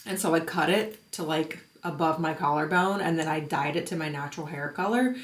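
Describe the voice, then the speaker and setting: A woman's voice: deep voice, brisk. Bubbly young woman vlogging in an echoey room. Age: 20s. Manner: chatty, bubbly, lots of "like" and "um". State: out of breath. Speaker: lifestyle vlogger. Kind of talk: casual vlog chat. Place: gym.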